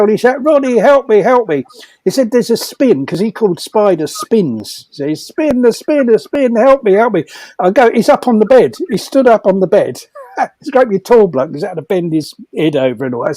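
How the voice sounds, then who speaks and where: A man's voice: high voice, a little mellow, no echo, rough recording. An older man telling prison anecdotes casually, repeating words and laughing as he goes. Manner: rambling, repeats words, laughs through his stories. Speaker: storyteller at a comedy fundraiser.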